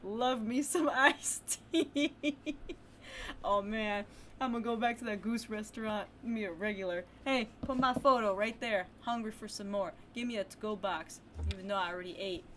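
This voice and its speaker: A woman streaming a video game in casual chat, playful and excitable, breaking into loud exclamations and reading game text aloud. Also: medium pitch, fairly quick, slight background noise.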